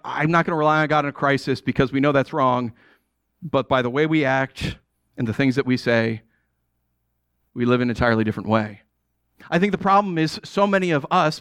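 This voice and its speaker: American male pastor, sermon delivery, casual and animated, higher voice, dry recording. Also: no echo. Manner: conversational, animated, casual asides with "like" and "dude".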